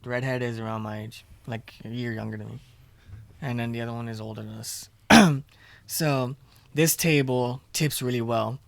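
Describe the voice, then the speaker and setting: A man co-hosting a podcast tells a drawn-out restaurant story, rambling casually and acting out the quoted lines to retell the scenes. He speaks at a moderate pace in a medium-pitched, creaky voice with fairly even intonation, and there's no room sound.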